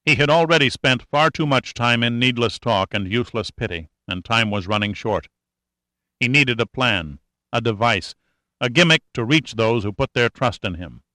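A man narrating an audiobook thriller in a steady, tense storytelling manner. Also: medium pitch, normal speed, no echo, clean studio sound. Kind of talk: scripted narration.

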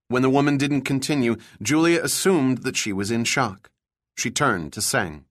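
A man reading a thriller audiobook in a steady, measured way, with a mid-range voice. The recording is close and dry, with no room sound. He keeps an even storytelling pace throughout. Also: mid-range voice, dry recording. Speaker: audiobook narrator. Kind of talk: scripted narration.

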